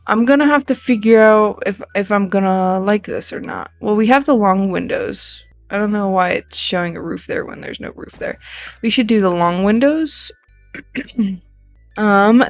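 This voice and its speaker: A video creator with a medium-pitched voice and vocal fry builds in a life-sim game, rambling casually, thinking aloud, and joking about their own mistakes.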